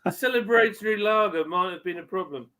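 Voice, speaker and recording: Bright-voiced chatty man. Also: sits high, brisk. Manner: chatty, reads out viewer names. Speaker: live stream host. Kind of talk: casual live chat.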